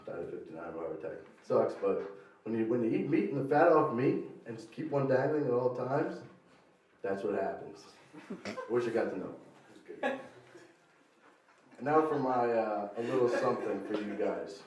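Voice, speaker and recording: Deadpan male stand-up in an echoey room. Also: on the low side, normal speed. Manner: deadpan, crude, slips into shouted put-on voices for quoted people. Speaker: stand-up comedian. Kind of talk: stand-up comedy set. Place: live show venue with audience laughter. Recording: echoey room, mic heard from a distance.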